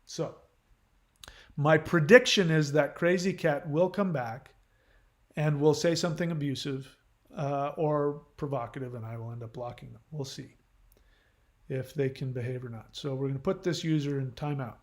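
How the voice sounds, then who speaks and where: A man's voice: a little high, normal speed. Blunt lecturing man, echoey room. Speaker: YouTube channel host answering viewer comments. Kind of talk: live-stream commentary reading viewer comments.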